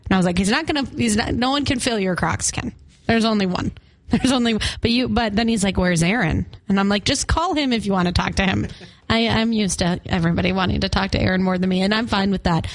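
A woman's voice: mid-range voice, quick pace, no echo. A young woman co-hosting a morning radio show, chatty and laughing often as she talks about concerts and travel. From Arizona. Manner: chatty, laughs often, country music fan.

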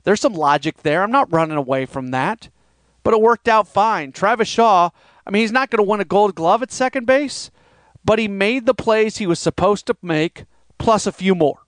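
High, smooth-voiced man hosting a podcast. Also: expressive, normal speed, no room sound. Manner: rambling, conversational, mimics critics' voices. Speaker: podcast host. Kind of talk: solo sports podcast monologue.

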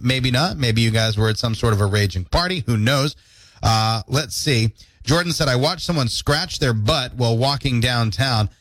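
A man's voice: mid-range voice, dry recording. A man hosting a radio morning show alone, reading listener posts aloud with playful jokes. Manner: playful, animated, jokey delivery. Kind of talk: solo radio host reading listener comments. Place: radio studio. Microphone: studio microphone.

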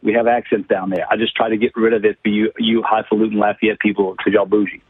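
A man's voice: fairly low pitch, level tone, fast talker, breathy edge, no echo. A man from south Louisiana with a Cajun accent, a radio guest talking baseball in a folksy, joking way over a phone line. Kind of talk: casual chat on a call-in.

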